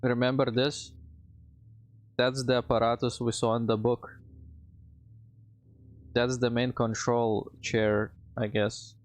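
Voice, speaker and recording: A man's voice: medium pitch, flat delivery, slow, long pauses. A man streaming a video game, chatting casually and swearing as he thinks aloud. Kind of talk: casual gameplay commentary. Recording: game music playing behind.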